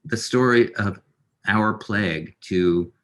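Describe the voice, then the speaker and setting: A middle-aged man with a very low, deep voice talks as an interview guest. He speaks in a halting, thoughtful way, pausing on fillers and starting sentences over. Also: fairly bright tone. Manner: halting, many fillers and restarts. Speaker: filmmaker guest. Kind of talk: reflective interview talk.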